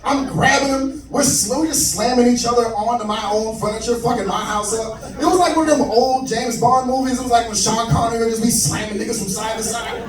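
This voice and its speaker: A young man doing stand-up, telling a profane story in an animated, conversational way from a club stage. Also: very high-pitched, fairly quick, hardly any pauses. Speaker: stand-up comedian. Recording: echoey club, far mic, crowd noise. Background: audience laughter.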